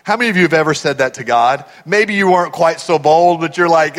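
A pastor from Texas, USA, preaches a sermon in a high, bright voice, talking fast with lively intonation and few pauses. He tells stories animatedly and keeps putting questions to the congregation. His words fade into the long reverb of a large church hall.

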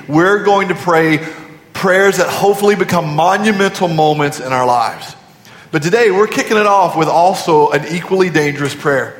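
A man's voice: high-pitched, a bit bright. A man preaching a sermon as pastor in a large church auditorium, with repeated phrases and rhetorical questions. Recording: echoey hall from a distance.

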